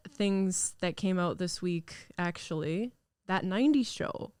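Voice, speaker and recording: A young woman hosts a casual solo podcast from a studio while recovering from illness. Her voice sits on the low side, clear and resonant with no echo, and she rambles with plenty of fillers.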